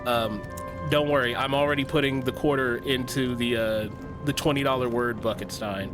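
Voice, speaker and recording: A man's voice: mid-range voice, fairly even intonation, normal speed, over music. A young man streaming a game, chatting casually, joking, swearing and laughing often. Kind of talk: casual livestream chat.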